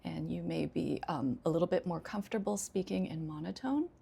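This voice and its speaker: American lady esl teacher, husky low voice, lots of ums, chill explaining. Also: mellow. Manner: unhurried, many 'um' pauses, demonstrates intonation examples. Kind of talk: casual instructional talk.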